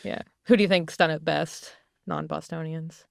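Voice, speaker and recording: A woman hosting a podcast interview, friendly and quick to laugh, then reading the closing credits. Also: low voice, steady tone, gravelly, no room sound, clean studio sound. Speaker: podcast host. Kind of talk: interview and scripted outro.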